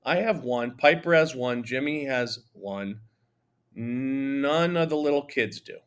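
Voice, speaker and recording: A man voicing a sporty, matter-of-fact girl in a storybook reading, brisk and plain. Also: mid-range voice, smooth, natural voice.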